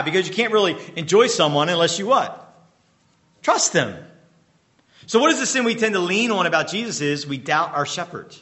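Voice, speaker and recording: A man's voice: on the high side, bright, forceful tone. A man preaching a sermon as pastor, quizzing the congregation with fill-in-the-blank questions and repeating key points with emphatic bursts. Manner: emphatic bursts and slowed-down repetition.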